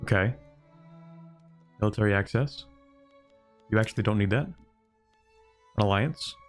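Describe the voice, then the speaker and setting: A man streaming a strategy game live, talking to chat and bargaining aloud with computer opponents in an animated, joking way. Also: on the low side, a little slow. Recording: faint music behind.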